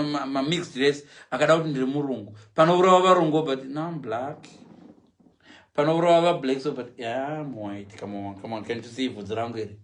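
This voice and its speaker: A middle-aged man chatting casually on a live stream, mixing English and Shona and acting out voices. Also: fairly high pitch. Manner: animated, switches often between English and Shona; acts out quoted voices and animal sounds.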